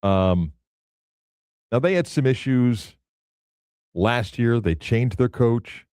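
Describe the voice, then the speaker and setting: A man's voice: medium pitch, takes it slowly, darkish tone, clear, resonant tone, no room sound, clean studio sound. A man hosting a sports radio show, talking loosely with lots of fillers. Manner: loose and conversational, many fillers. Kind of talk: casual sports talk. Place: radio studio.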